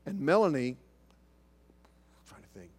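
Animated middle-aged male preacher. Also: on the high side, slow, husky. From Oklahoma. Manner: animated storyteller, quoting others in a hushed voice. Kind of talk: sermon storytelling.

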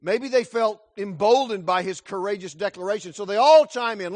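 A male pastor preaching a sermon, dramatic, swinging between loud emphasis and hushed asides. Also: high voice, normal speed, few pauses, dry recording.

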